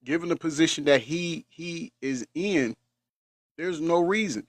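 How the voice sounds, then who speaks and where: A man's voice: on the high side, normal speed, no echo. A man co-hosting a live stream who talks emphatically, repeats his points and thanks viewers in chat. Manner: emphatic, repeats himself, colloquial.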